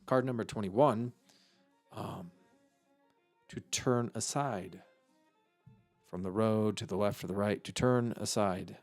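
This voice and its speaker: A man giving an unscripted vocabulary lesson, slow and halting, thinking aloud with many fillers. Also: fairly low pitch, darkish tone, faint music behind. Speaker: Hebrew vocabulary teacher.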